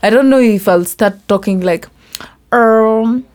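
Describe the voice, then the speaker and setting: A young Kenyan woman with a Kimeru accent, hosting a casual solo podcast and mixing English with Swahili, sometimes dropping to a soft whisper. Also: medium pitch, normal speed. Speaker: podcast host.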